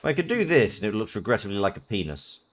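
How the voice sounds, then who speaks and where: A man's voice: fairly low pitch, very animated, fast, faint music behind. A man streaming a game, thinking aloud in a rambling casual way with fillers. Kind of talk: casual let's-play commentary.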